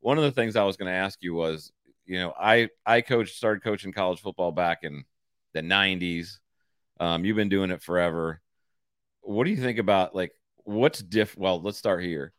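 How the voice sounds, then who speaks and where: A middle-aged man hosts a casual podcast chat. His voice sits fairly low and sounds dry and close. He tells stories with an animated, slangy flair. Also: moderate pace, dry recording. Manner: animated storyteller, says "freaking" and "like". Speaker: podcast host.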